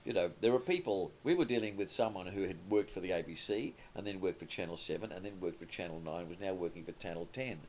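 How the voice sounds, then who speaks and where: A low, darkish male voice with an Australian accent moves quickly with hardly any pauses, against slight background noise. He's a comedy writer and producer in his sixties, an interview guest telling anecdotes in a rambling way with frequent restarts.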